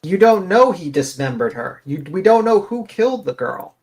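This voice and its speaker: A man's voice: high-pitched, big pitch swings, normal speed, darkish tone. A man giving blunt, profane, rambling commentary as a guest on a live-stream panel.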